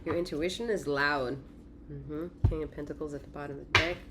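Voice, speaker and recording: A woman giving a casual tarot reading in a profane, animated way, laughing often. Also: deep voice, brisk, heavy background noise. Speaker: tarot reader.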